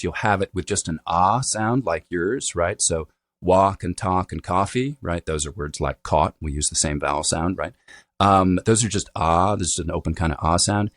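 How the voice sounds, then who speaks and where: Low-voiced man explaining accents. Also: no room sound. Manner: teacherly, demonstrates vowel sounds, frequent "right?" tags. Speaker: dialect coach. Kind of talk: explanatory interview talk.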